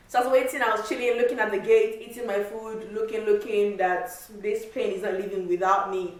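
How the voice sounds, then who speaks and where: A woman vlogger telling a travel story in a casual, animated way, with lots of repeats and filler words. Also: medium pitch. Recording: echoey room, mic far off.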